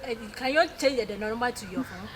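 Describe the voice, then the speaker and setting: A woman, playing a jealous wife who shouts at another woman in broken English. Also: fairly high pitch, fairly quick, natural voice. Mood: scolding. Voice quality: loud, scolding, broken English. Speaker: comic actor. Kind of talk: skit acting. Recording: noisy background.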